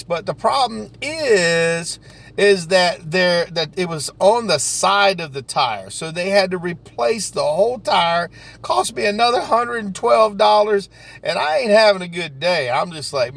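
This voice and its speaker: A man with a Southern US accent telling stories from his sales work in a folksy, animated way. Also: sits high, vocal fry. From Southern United States. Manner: folksy, animated, dialect grammar like "ain't nobody". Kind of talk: casual storytelling vlog.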